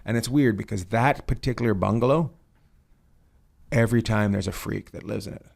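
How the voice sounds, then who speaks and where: A man's voice: lowish voice, a little fast, creaky, a little mellow. A middle-aged man hosting a casual comedic chat, telling rambling stories and swearing freely. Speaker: podcast host.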